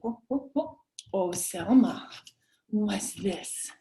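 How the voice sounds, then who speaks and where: High, lively woman leading kids yoga. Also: background noise. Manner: playful, animated, drawn-out phrasing. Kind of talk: sing-song guided kids yoga class. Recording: echoey room, voice from a distance.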